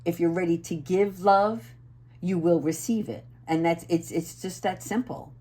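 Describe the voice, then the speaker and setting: Drawing oracle cards for her viewers in a casual spiritual reading, a woman talks a little slowly at a fairly low pitch. She comes across as earnest and gentle, sometimes assertive, and often says "right?".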